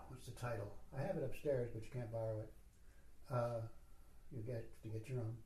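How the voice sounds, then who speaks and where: A man giving a slow, measured teaching talk at a retreat, with soft asides to his listeners. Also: mid-range voice, fairly even intonation, echoey room, a little hiss or hum. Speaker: spiritual teacher. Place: retreat hall.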